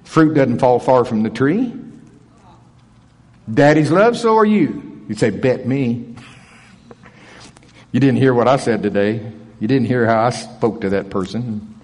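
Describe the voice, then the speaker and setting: A man preaching a sermon at a church service, animated, swinging from loud bursts to soft asides. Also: mid-range voice, moderate pace, long reverb tail.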